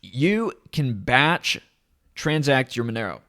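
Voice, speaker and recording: A man's voice: medium pitch, very animated, slow pace, bright, forceful tone. A man hosting his own channel, talking to camera in a rambling, enthusiastic way. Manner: rambling, enthusiastic, hype-driven. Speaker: crypto channel host. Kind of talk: casual to-camera vlog. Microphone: camera at desk.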